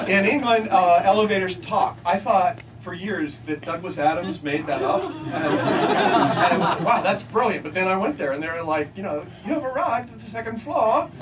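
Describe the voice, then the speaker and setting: A fairly high-voiced man giving a comic talk at a bookstore signing, delivering dry anecdotes and popping into squeaky mimicry of quoted voices. He is picked up from a distance, so he sounds far off. A loud, laughing crowd and steady room noise sit right on top of him. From United States. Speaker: author at a book signing. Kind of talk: comic talk to a live audience. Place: bookstore event space, mixed with audience. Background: audience laughter.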